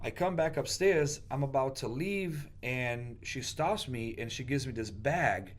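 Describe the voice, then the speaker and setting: A man's voice: mid-range voice, unhurried. Male podcast guest with a mid-range voice, earnest and emotional storyteller. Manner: earnest, emotional, with frequent restarts. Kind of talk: personal storytelling in conversation.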